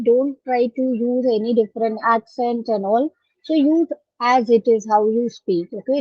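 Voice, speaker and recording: A woman with a fairly high voice teaches a live online exam-prep class, explaining each point step by step and checking in with "okay". The sound is dry and muffled, like a lo-fi online stream. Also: no room sound. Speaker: English test instructor.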